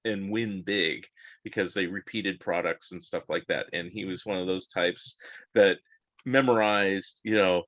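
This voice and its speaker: A man hosting a podcast, asking rambling, halting questions in a casual interview. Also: fairly low pitch, fairly bright tone, dry recording. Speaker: podcast host.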